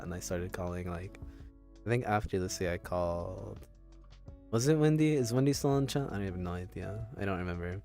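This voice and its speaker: A man with a lowish voice chats casually as co-host of a podcast, rambling on and poking fun at himself. Faint music plays underneath. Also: fairly quick, darkish tone. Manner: rambling, self-mocking, laughs often. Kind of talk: casual chat.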